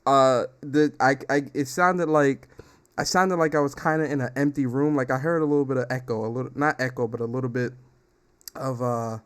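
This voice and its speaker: A man's voice: mid-range voice, steady tone, a little fast, clean tone. Hyped young man hosting a livestream. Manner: hyped, laughing, slangy shout-outs. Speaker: podcast host. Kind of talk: casual livestream chat. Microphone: desktop streaming mic.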